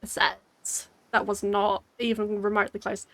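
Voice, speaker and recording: A woman's voice: a little high, fairly even intonation, normal speed, a bit bright. An Australian woman in her twenties, a game streamer reading a dating game aloud with giggly, wry asides. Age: 20s.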